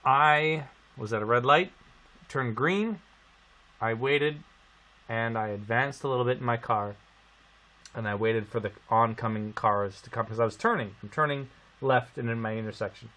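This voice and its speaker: A man from Canada casually telling a story on a live stream, animated and swearing. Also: mid-range voice, moderate pace. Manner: animated, swearing storyteller who acts out quotes.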